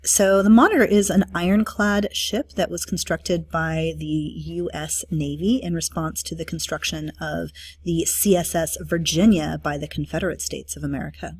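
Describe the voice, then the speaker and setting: A woman's voice: sits low, fairly even intonation, normal speed, breathy edge, no room sound. A woman teacher talking through a study guide review, explaining terms with frequent um and uh fillers.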